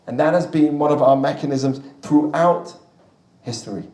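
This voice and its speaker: A male rabbi teaching a class with a live audience, chatty and storytelling, with quick asides to the listeners. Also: a little high, darkish tone. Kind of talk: lively classroom teaching with anecdotes. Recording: roomy distant mic in a hall.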